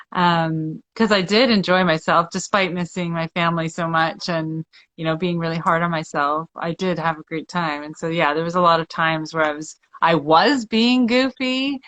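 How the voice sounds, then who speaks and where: A woman's voice: on the low side, a bit bright, dry recording. A woman co-hosting a casual chat, asking long, meandering questions and agreeing often. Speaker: co-host.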